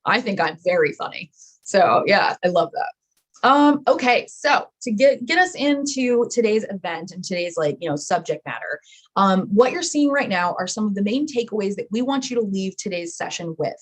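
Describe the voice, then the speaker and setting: A woman's voice: medium pitch, animated, normal speed. A woman hosting a live online chat, talking casually with many fillers and self-deprecating asides. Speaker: webinar host.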